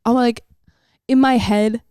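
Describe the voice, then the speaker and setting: A woman's voice: a little high, steady tone, takes it slowly, dark tone, smooth, dry recording, clean studio sound. A woman hosting a podcast, talking casually and chattily, often laughing and filling her speech with "like". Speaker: podcast host.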